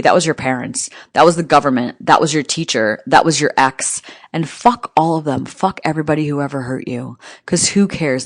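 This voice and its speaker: A woman's voice: deep voice, no echo, studio quality. Blunt, profane woman giving a pep talk. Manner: rhythmic, near-rhyming phrasing. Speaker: motivational speaker. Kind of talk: motivational monologue.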